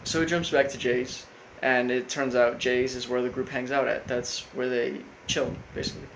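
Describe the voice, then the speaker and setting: A man casually recapping a cartoon episode, rambling with lots of fillers and flat quoted lines. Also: medium pitch, moderate pace, background noise. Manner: rambling, full of fillers, quotes characters flatly. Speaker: recap host.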